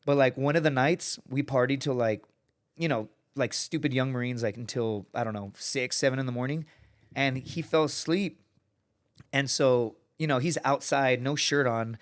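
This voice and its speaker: A man's voice: medium pitch, moderate pace. A man in his thirties telling stories as a podcast guest in a casual, profane way. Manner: profane, lively anecdote-telling, acts out quoted people. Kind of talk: casual storytelling.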